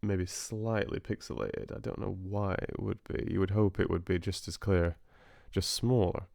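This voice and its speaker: A man's voice: sits low, fairly even intonation, moderate pace, vocal fry, a little mellow, dry recording, studio quality. A man hosting a live reading stream, chatting casually and hesitantly with many fillers.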